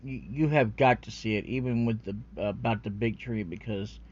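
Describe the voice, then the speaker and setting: A man's voice: fairly low pitch, moderate pace, a little mellow. A man ranting in a rambling, unscripted way about anime, profane and full of fillers, on a dull lo-fi recording. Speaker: anime commentary vlogger.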